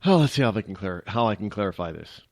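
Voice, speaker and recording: Animated rambling radio host, dry sound. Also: male voice, lowish voice, fast, no echo. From New England. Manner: rambling, joking, self-interrupting. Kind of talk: casual talk radio monologue.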